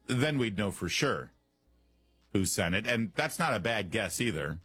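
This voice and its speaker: A man's voice: fairly low pitch, sing-song, moderate pace, fairly bright tone, breathy edge, no echo. A man hosting a talk radio show, commenting in a sarcastic, mocking way from a studio microphone.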